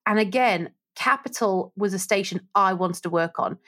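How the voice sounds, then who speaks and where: Lively woman telling stories. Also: medium pitch, moderate pace. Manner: lively, acts out quoted voices. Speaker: radio presenter, guest. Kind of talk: casual storytelling interview.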